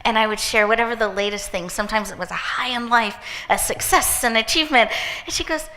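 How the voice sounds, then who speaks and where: A woman hosting an event, giving an inspirational talk with a gentle, encouraging guided visualization. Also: a little high, fast talker. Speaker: event host and speaker. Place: event hall with live audience. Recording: echoey hall reverb.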